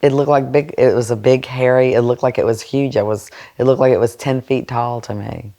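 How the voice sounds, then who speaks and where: A man, describing something in a halting way, searching for his words. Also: medium pitch, steady tone, warm tone.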